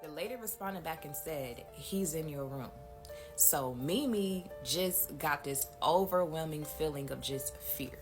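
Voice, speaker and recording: Brief: woman storyteller, chatty, a bit low-pitched, talks to viewers, music under her voice. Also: lively intonation, a little slow, hardly any pauses. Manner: chatty, addresses viewers directly. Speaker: storytime host. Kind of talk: casual storytime narration. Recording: music playing behind the voice.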